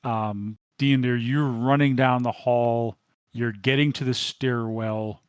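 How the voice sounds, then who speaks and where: A man running a tabletop role-playing game as game master, describing the action in a steady, measured way with frequent ums. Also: medium pitch, smooth, no echo.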